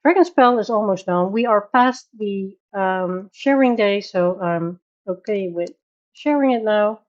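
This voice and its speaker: A woman from the Netherlands, speaking with a Dutch accent, hosts a casual coloring livestream from her home bedroom. Her mid-range voice is unhurried and the sound is lo-fi; she chats, laughs often, and greets viewers by name.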